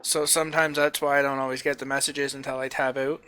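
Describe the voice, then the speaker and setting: A man's voice: medium pitch, flat delivery, fast, clear, resonant tone. A man streaming a farming game, chatting casually with friends on voice chat. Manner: upbeat and chatty, with loud showman greetings.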